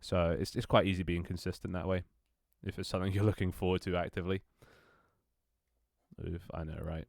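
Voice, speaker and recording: This is a young man with a very low voice, rambling to his stream audience. He swears casually and trips over his words as he goes. The sound is dry and close. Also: little pitch movement, brisk, a little mellow, no echo. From London, England. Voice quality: swears casually, many restarts and laughs. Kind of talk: casual chat with stream viewers.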